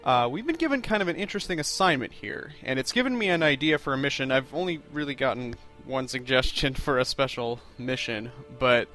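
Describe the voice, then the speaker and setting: A man hosting a let's-play, chatty and self-deprecating, rambling through plans with plenty of fillers. His voice sits at a middling pitch, with faint music playing underneath. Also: lively intonation, fairly quick, hardly any pauses, pushed and bright. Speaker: video game let's-play host. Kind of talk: casual gameplay commentary.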